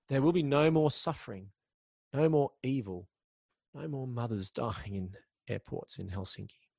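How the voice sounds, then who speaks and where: A man's voice: medium pitch, darkish tone, no echo. Earnest preacher man, dry close sound. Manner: earnest, slows down for emphasis, occasional restarts. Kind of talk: sermon.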